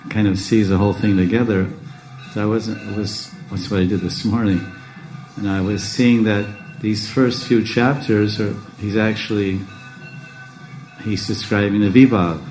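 A man teaching a scripture class, rambling with restarts, self-interruptions and chuckles, in a speaking style he calls a monotone. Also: lowish voice, measured pace, soft background music, rough recording. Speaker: spiritual teacher.

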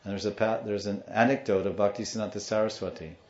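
Low-voiced man telling a devotional story. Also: quick pace. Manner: animated storyteller, acts out the people in his story. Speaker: spiritual teacher. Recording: dull roomy recording.

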